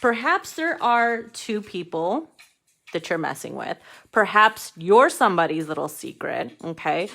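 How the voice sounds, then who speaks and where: Woman, tarot reader, casual card reading, frank, playful, swears a lot, reads card text slowly. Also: mid-range voice, very animated, creaky, bright, forceful tone. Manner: frank, playful, swears freely, calls viewers darling; slows down to read card text aloud.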